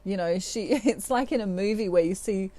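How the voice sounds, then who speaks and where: A woman's voice: medium pitch, moderate pace, dark tone, no echo. A middle-aged woman giving a tarot reading, laughing often and acting out quoted lines. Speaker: tarot reader.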